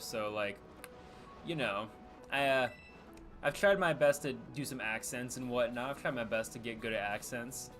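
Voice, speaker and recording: A man's voice: medium pitch, fairly bright tone. A young man casually chatting while streaming a game, rambling and full of fillers, laughing easily. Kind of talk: casual live gameplay commentary.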